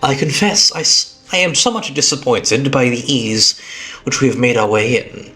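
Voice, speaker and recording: A man with a British accent voicing a calm, analytical male detective while reading game dialogue aloud on a live stream, measured and deliberate. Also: medium pitch, faint music behind. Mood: musing.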